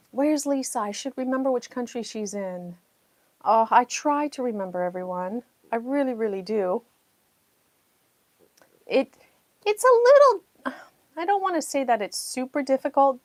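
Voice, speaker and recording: A woman's voice: on the high side, no echo. A woman hosting a casual livestream while she builds a jigsaw puzzle, chatting freely and thanking her viewers effusively.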